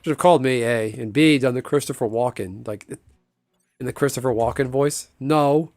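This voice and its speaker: A man's voice: mid-range voice, a little fast, a little mellow, dry recording, studio quality. A man streaming a game and chatting casually, rambling, swearing freely and laughing often. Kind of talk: casual chat while gaming.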